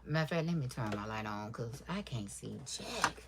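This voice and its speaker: Soft-spoken low-voiced woman crafting live. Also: lively intonation, moderate pace, a little hiss or hum. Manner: talks low and soft on purpose; chatty, addresses viewers as y'all and baby. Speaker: livestream crafter. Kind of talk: casual livestream chat while sewing.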